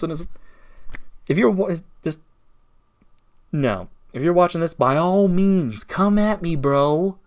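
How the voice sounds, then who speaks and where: A man with a somewhat high voice ranting in a casual vlog. He sounds aggrieved and sarcastic and keeps goading the person he is talking about. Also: slow, long pauses, darkish tone. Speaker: YouTuber.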